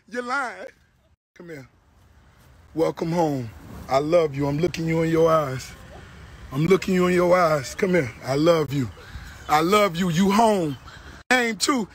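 A middle-aged man with a fairly high voice talks excitedly outdoors on a big farm. He is loud with praise and slang, then drops to soft, affectionate cooing as he coaxes his animals close. A light hiss sits under the outdoor recording. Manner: exuberant, coos affectionately at animals, heavy slang. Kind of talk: casual hype chat. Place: outdoors on a large farm by a gate.

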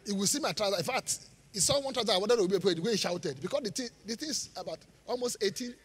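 A man preaching a live sermon as pastor, animated, asking the congregation rhetorical questions and laughing between points. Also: high voice, fast talker, slight background noise. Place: large church hall. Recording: live church sermon with long hall reverb.

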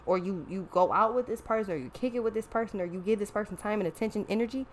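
A woman's voice: medium pitch, fast talker, a little hiss or hum. A woman hosting a show, talking in a blunt, profane, exasperated casual rant. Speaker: podcast host. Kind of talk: casual ranting monologue.

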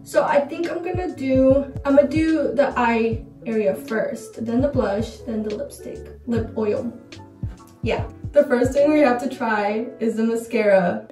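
A young woman reviewing makeup on her vlog in a casual, gushing, excitable way. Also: a little high, measured pace, soft background music. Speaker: beauty vlogger. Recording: roomy echo, mic far off.

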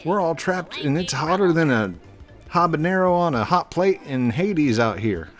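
A man's voice: on the high side, lively intonation, moderate pace, fairly bright tone, soft background music, pitched above the performer's own voice. Folksy, hearty, friendly cowboy, voiced by a man.

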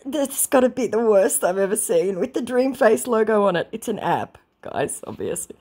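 A woman's voice: medium pitch, moderate pace, husky. A woman hosting a scam-baiting channel, narrating a chat with a scammer in a sarcastic, scornful way. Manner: sarcastic, animated, laughing at the scammer.

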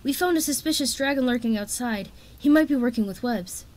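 A woman's voice: on the high side, fairly quick, darkish tone, pitched above the performer's own voice, lightly acted. A woman voicing a small, timid male messenger dragon reporting urgently and deferentially.

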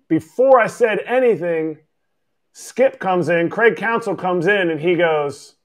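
A man in his forties telling a story as a podcast guest, emphatic and lively, acting out the voices of the people in it. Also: high voice, measured pace.

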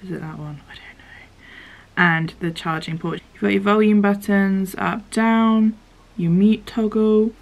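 A little slow and fairly even in intonation, a young British vlogger's mid-range voice carries a casual unboxing video. She chats, swears loosely, and often falls to a whisper to read the screen aloud.

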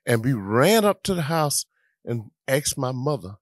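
A man's voice: medium pitch, no room sound, studio quality. A man, telling a childhood story to an audience. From South Carolina. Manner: slow, lively, drawn-out childhood tale.

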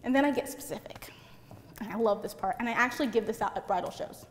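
High-voiced, chatty woman in a reverberant hall. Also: quick pace. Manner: chatty, giggly, peppered with "like". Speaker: seminar speaker. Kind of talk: casual presentation to an audience. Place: seminar room, on stage. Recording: reverberant hall with faint room noise.

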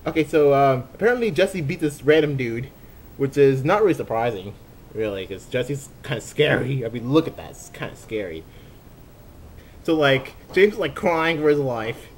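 A man's voice: mid-range voice, expressive, moderate pace, slight background noise. A man rambling through an improvised fan photo dub, full of fillers and restarts. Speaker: fan dubber, channel host.

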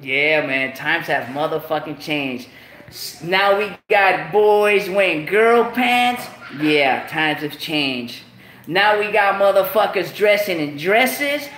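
A man's voice: high-pitched, slow, a bit bright, echoey room, slight background noise. A man hosting his own show in a casual rant, full of profane street slang and repeated lines. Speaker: show host.

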